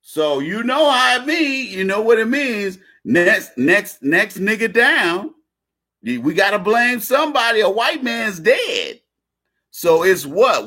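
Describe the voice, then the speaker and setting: A man's voice: high voice, bright, forceful tone. A man delivering a casual monologue rant, blunt and slangy, repeating himself and restarting phrases.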